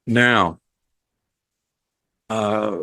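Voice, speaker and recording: A man's voice: lowish voice, bright, forceful tone, no echo. A man hosting a podcast, giving a casual, rambling film review full of ums and blunt profanity. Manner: unhurried, rambling with frequent ums.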